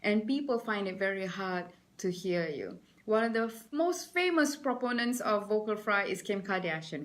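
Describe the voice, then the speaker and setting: A middle-aged woman with a Malaysian accent, a presentation skills trainer giving a lively webinar lecture and stopping to greet viewers by name. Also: mid-range voice, normal speed.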